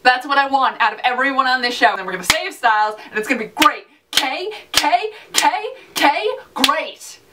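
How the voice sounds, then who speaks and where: A young woman gushing emotionally and quickly in a fan reaction chat, her words tumbling out in excited bursts. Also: sits high, very noisy. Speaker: fan vlogger reviewing a TV episode. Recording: voice a little far from the mic.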